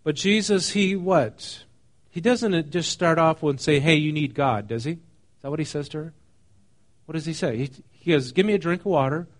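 A man's voice: on the high side, normal speed. A man preaching a sermon in a conversational way, reading a passage and then explaining it, often asking his listeners questions. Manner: conversational, asks the congregation questions; reads scripture then explains it casually. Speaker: pastor.

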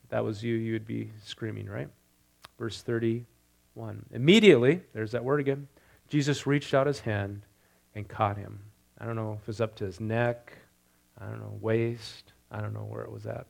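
A male pastor leading prayer and then preaching through a scripture passage, getting louder on the quoted lines and putting questions to his congregation. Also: on the low side, normal speed, gravelly. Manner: animated, rising loud on quoted lines, asks congregation questions. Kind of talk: sermon with scripture reading.

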